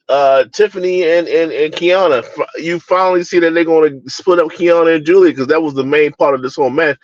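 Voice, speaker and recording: A man's voice: on the high side, dry recording, lo-fi sound. A man from Baltimore co-hosting a wrestling review show, talking in a casual, opinionated way with lots of fillers, restarts and mocking asides. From Baltimore, USA.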